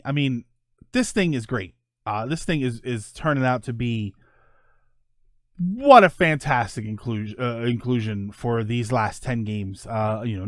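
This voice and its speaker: A man's voice: medium pitch, no echo, clean studio sound. A man in his forties hosting a casual livestream chat, rambling and enthusiastic, laughing often. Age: 40s. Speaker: streamer and host.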